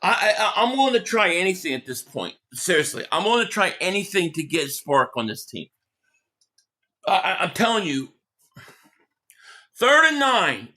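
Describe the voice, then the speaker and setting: Philly guy ranting at his team on a live stream, high-pitched, stammers a lot. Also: very animated, moderate pace, pauses often. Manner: frustrated, rants and shouts at plays, stammers. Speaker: live stream host reacting to a football game. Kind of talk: live game reaction stream.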